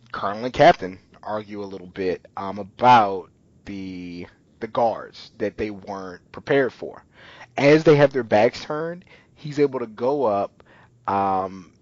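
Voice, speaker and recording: A man's voice: lowish voice, dry recording. Male podcast co-host, rambling casual recap, dry and a bit muffled. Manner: rambling, many ums and restarts. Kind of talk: casual chat recapping a TV episode.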